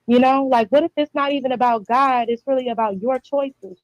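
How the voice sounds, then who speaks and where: A young woman from Texas calls in, her voice sitting a little high and running on with restarts as she tells her story. The call sounds dull and dry, like a phone line. She talks in a casual, rambling way. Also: a little fast, no echo. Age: 20s. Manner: long rambling personal story, restarts often. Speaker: caller.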